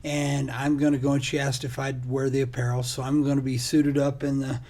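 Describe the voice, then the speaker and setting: A man's voice: mid-range voice, fairly quick. A middle-aged man co-hosting a podcast, chatting casually and telling stories animatedly with frequent laughter. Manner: animated storyteller, laughs often. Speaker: podcast co-host. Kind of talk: casual chat.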